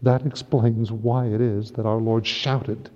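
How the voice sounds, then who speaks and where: A man's voice: medium pitch, little pitch movement, a little slow, a little mellow. A man preaching a sermon at Mass, impassioned and rising to emphatic peaks. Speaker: priest. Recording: dull lo-fi recording in a long-reverb hall.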